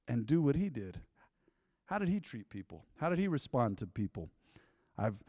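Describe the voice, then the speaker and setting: A man's voice: medium pitch, a little mellow, no room sound, clean studio sound, big-room sound. A man preaching a sermon to a congregation in a folksy, conversational way, often slipping into quoted asides. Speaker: pastor. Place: church sanctuary.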